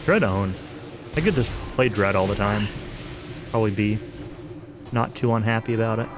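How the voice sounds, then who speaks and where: A man's voice: on the low side, moderate pace, noisy background. A man streaming a casual playthrough, talking through his thoughts with lots of fillers and hedges, and now and then dry sarcasm. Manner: rambling and hedging, with frequent fillers; dry, self-aware sarcasm. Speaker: let's-play streamer. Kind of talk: casual gameplay commentary. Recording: game music playing behind the voice.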